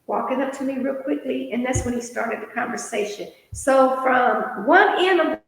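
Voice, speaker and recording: A woman's voice: high-pitched, animated, normal speed, creaky. A middle-aged woman co-hosting a casual chat, telling a funny story with lots of laughter. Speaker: co-host. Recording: heavy echoing hall-like reverb.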